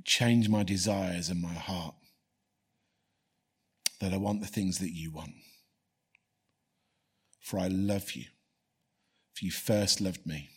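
Male pastor, lowish husky voice, earnest and repetitive. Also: fairly even intonation, slow, long pauses. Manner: earnest, repeats key phrases for emphasis. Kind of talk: preaching, then leading a prayer.

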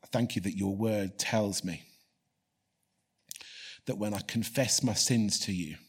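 Husky-voiced pastor, earnest. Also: male voice, fairly low pitch, steady tone, a little slow. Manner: earnest, repeats key phrases for emphasis. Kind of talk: preaching, then leading a prayer.

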